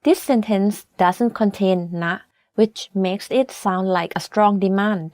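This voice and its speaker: A native Thai-speaking woman teaching a scripted language lesson, explaining clearly and carefully with example words. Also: medium pitch, normal speed, darkish tone, no room sound.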